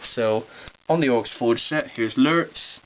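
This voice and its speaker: A man's voice: mid-range voice, slow. A man giving a chatty, upbeat show-and-tell tour of his collection at home, with playful asides. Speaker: toy collection vlogger. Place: room at home with display shelves. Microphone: cheap digital camera. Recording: dull camera audio with faint hiss.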